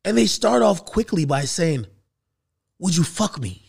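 Male podcast host, casual commentary, fairly high voice, lively swoops, conversational. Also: a little slow, gravelly, breathy edge. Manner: conversational, questioning, animated.

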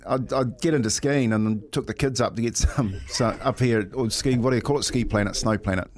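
A man on breakfast radio, telling a story with lots of laughs and a steady stream of "mate". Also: medium pitch, a little fast. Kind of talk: casual radio chat, storytelling.

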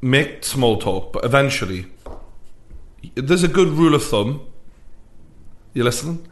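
A man's voice: mid-range voice, expressive, measured pace. A man with a Geordie accent hosting a podcast, giving blunt, sweary dating advice in casual banter. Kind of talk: casual banter reading a listener problem.

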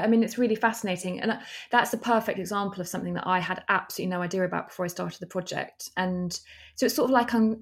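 A woman, a documentary filmmaker, answering interview questions in an earnest, explanatory way. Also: mid-range voice.

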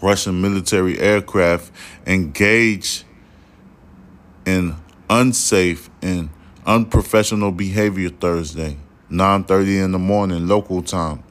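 A low-pitched man on his podcast, talking slowly and a little slurred as if tipsy. He rants in a loose, profane way and drags out his words. His voice jumps up sharply when he gets heated. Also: steady tone. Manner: loud swearing rants, slurred speech. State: slightly drunk. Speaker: podcast host. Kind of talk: casual ranting commentary. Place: studio room behind glass.

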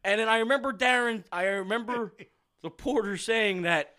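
A man in casual chat, telling a story in a profane, animated way. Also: sits high, normal speed, smooth. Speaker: works at a car dealership service department.

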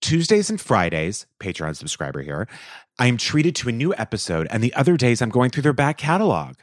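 A man's voice: mid-range voice, huge pitch swings, a little fast, dry recording, clean studio sound. A man co-hosting a podcast in casual chat, playful and theatrical as he reads listener reviews aloud. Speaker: podcast co-host.

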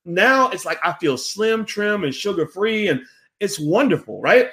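A man hosting a casual commentary monologue, animated and profane, with many restarts. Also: high-pitched, a little slow. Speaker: host.

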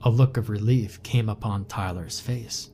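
A man narrating a horror story in a slow, measured, somber scripted read. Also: lowish voice, mellow, a little hiss or hum. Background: faint music.

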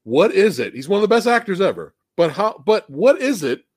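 A man hosting a casual livestream movie chat, talking in an animated, emphatic way and laughing often. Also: high-pitched, a little fast, no room sound, clean studio sound. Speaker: show host.

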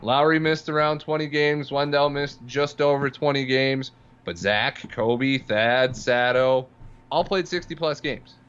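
A man's voice: medium pitch, unhurried, a bit bright, smooth, highs cut off. A man co-hosting a casual sports podcast, dry and sarcastic, chuckling through his points. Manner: dry, sarcastic, laughs while talking. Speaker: podcast co-host.

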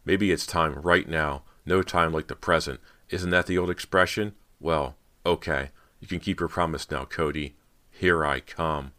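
A man's voice: very deep voice, fairly even intonation, unhurried, sharp tone, exaggerated voice. A man voicing a spiteful teenage girl ghost in an audiobook reading, with a taunting, mocking way of talking. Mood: menacing.

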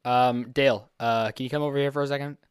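A man's voice: medium pitch, steady tone, fast talker, clear, resonant tone, no echo, studio quality, close to an everyday voice. A man improvising as a nervous, old-fashioned businessman who hesitates and stumbles over his words. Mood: flustered. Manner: hesitant, flustered, full of fillers. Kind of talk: improvised comedy scene.

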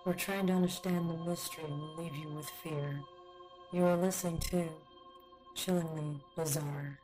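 A man giving a slow, ominous introduction to a horror story show. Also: on the high side, steady tone, voice pushed up, natural voice. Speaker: show announcer. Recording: voice over loud music.

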